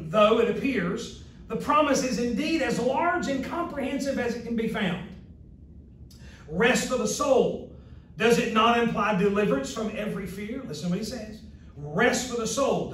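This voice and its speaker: Man, Bible instructor, high voice, earnest lecture, very echoey room, distant mic. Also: a little hiss or hum. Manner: earnest, reads quotes slowly, asides and restarts. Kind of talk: recorded lecture.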